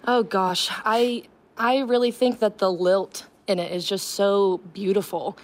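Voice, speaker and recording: A woman's voice: mid-range voice, steady tone, a little slow. A young woman, a drama student, answering a radio host's questions earnestly, with plenty of "um" and "like". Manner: earnest, many fillers. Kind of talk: casual radio interview.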